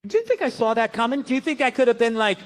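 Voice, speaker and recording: A middle-aged man doing stand-up on a club stage, telling a profane, animated story and mimicking his family. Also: very high voice, fast talker. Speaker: stand-up comedian.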